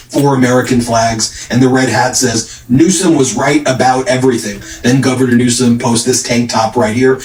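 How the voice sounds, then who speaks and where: Male commentary host, mid-pitched voice, reads posts aloud with mocking emphasis; roomy echo on the recording. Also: fairly even intonation, normal speed, few pauses. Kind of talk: reading and commenting on social media posts.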